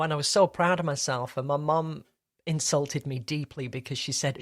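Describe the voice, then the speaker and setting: A man's voice: a little high, fairly even intonation, normal speed, dry recording, clean studio sound. A man from England hosting a podcast, chatting casually and reminiscing with his guest. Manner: chatty, reminiscing, with small restarts. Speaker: podcast host. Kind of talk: casual interview chat.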